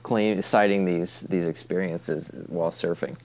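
A man with a notably low voice co-hosts a casual podcast discussion. He is agreeable and often chimes in to back up his partner. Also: steady tone, a little slow, darkish tone. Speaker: podcast co-host.

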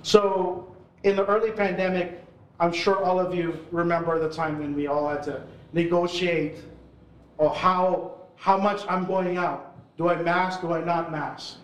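Man, 40s, chatty event storyteller, high voice, echoey hall. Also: little pitch movement, unhurried. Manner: casual, chatty storytelling full of "like" and "right?". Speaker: urban ministry worker speaking at an event. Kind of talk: live storytelling talk. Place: hall with a live audience. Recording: roomy hall sound.

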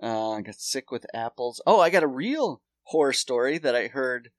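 A man's voice: medium pitch, big pitch swings, moderate pace, no room sound. A man telling rambling, profane stories in a casual chat.

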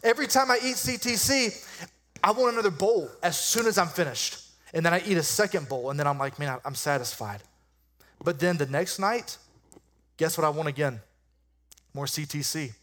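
Man, pastor, sermon, fairly high voice, chatty and joking, slows for emphasis. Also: fairly bright tone. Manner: conversational preaching with humor, slowing down for emphasis.

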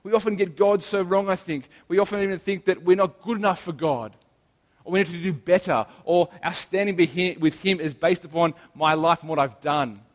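A man preaching a sermon in an earnest, emphatic way, slowing down to stress key phrases. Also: sits high, in a large hall.

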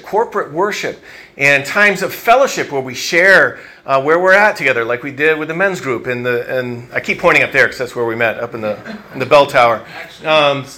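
A male pastor gives a sermon in a church, his voice slightly high for a man and bright, with a forceful edge. He speaks conversationally, reflecting aloud and working through his thoughts with fillers and restarts.

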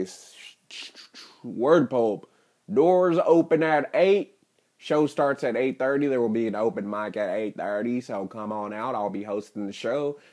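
Young man, solo podcast host, crude jokes, rambling, swears a lot, sudden loud bursts. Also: mid-range voice. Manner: profane, rambling, jokey, with sudden loud outbursts. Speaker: podcast host and stand-up comedian. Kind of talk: casual rambling monologue.

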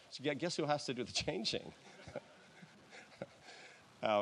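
A male pastor preaching a sermon in a church, in a conversational, halting way with restarts and soft chuckles. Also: medium pitch, vocal fry, a little hiss or hum.

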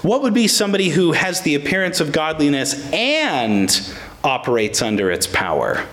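Speaking at normal speed in a slightly high, sing-song, somewhat bright voice, a pastor delivers an emphatic sermon. He addresses congregation members by name, asks rhetorical questions, and restarts words while hunting for the right ones.

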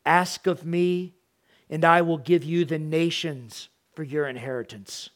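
A middle-aged man preaching a sermon, animated, acting out parents and children in raised voices. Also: a little high, a little slow. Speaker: pastor.

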